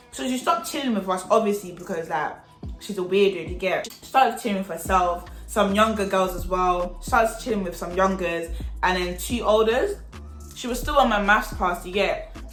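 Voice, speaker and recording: A woman's voice: medium pitch, echoey room. Chatty woman telling a story. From England. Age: young adult. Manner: chatty, animated, peppered with slang and tag questions. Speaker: storytime vlogger. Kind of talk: casual storytelling.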